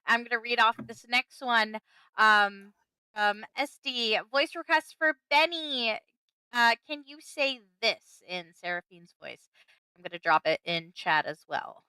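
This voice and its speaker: A woman hosting a livestream panel who reads out viewer questions and requests in an animated, playful way. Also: on the high side, a little slow, smooth, dry recording, rough recording. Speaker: stream host reading viewer questions. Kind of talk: casual livestream chat.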